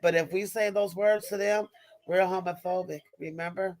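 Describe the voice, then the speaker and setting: A woman's voice: lowish voice, fairly even intonation, moderate pace, darkish tone, low-quality recording. Fiery woman ranting on a live stream. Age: adult mother of young kids. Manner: emphatic, repetitive, stops and restarts mid-sentence. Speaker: livestream host reading viewer chat. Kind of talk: impassioned live-stream rant.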